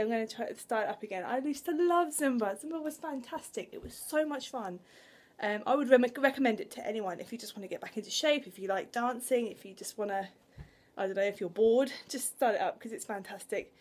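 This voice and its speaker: A woman in her twenties vlogging at home in a chatty, emotional way, laughing and sighing between thoughts. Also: a little high. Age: 20s. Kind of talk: casual vlog to camera. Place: at home indoors.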